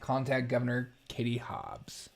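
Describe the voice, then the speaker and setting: This show host speaks at a medium pitch in an unhurried monotone. He chats casually on a comedic livestream while preparing a prank call, giggling, wandering off topic, and mocking himself.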